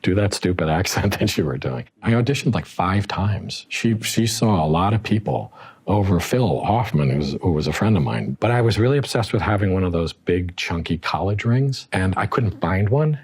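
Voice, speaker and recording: A middle-aged man with a deep, husky voice that swings lively up and down as he chats about old acting jobs. He is self-mocking and loose, with an easy interview tone. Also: normal speed. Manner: chatty and self-mocking, laughs often. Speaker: actor recalling past roles. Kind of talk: casual interview recollection.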